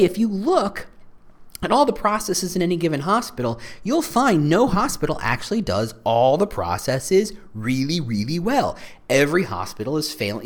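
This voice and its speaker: A male podcast host delivering a solo monologue, his pitch leaping around in a very lively way. He rambles through his points with self-mocking asides.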